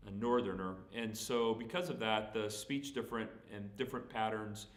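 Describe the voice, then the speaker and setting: A man's voice: on the low side, normal speed, roomy sound. A man with a Southern accent from Texas, a pastor answering questions in a folksy, plainspoken way with frequent fillers. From Texas, USA. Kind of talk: sermon Q&A.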